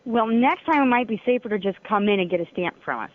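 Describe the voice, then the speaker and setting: A woman's voice: on the high side, expressive, fast. A woman working as a post office clerk, answering a phone call with a polite, patient customer-service tone. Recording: tinny phone line.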